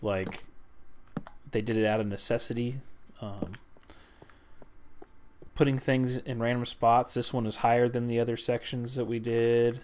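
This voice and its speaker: A man's voice: medium pitch, unhurried, long pauses. Male gaming host, casual commentary, laid-back with fillers. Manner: relaxed, explains to viewers with many fillers.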